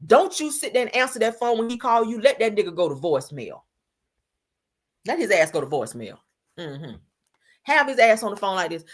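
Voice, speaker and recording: A woman's voice: mid-range voice, big pitch swings, a little fast, long pauses. A woman giving blunt, profane, sassy commentary on reality TV for a stream, laughing often. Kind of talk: casual commentary on a livestream.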